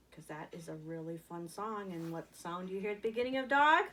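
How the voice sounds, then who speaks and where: A woman's voice: mid-range voice, expressive, normal speed. A woman teaching a virtual preschool lesson, talking to young children in an encouraging, sing-song way and singing along.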